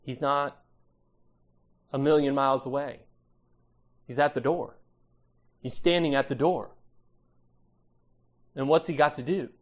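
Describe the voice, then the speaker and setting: Emphatic male pastor preaching. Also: a little high. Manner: emphatic, repetitive, frequent tag "right?". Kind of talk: expository sermon.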